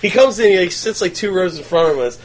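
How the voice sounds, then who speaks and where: Brief: high, lively-voiced man, animated storyteller in casual chat. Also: fast.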